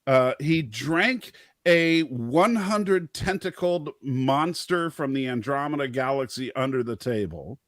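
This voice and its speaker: A man's voice: medium pitch, takes it slowly, dry recording. A man hosting a casual stream, his voice rising and falling a lot. He builds his theories with eager restarts. The close, dry mic gives no room sound. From Scotch-Irish descent. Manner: animated, theorizing, stumbles and restarts. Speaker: host. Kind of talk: casual chat.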